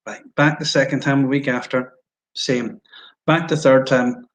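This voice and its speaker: A man's voice: medium pitch, fairly even intonation, measured pace, low-quality recording. Frank Scottish man telling his story. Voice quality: frank, self-deprecating, anecdotal. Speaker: interview guest. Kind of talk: candid storytelling in conversation.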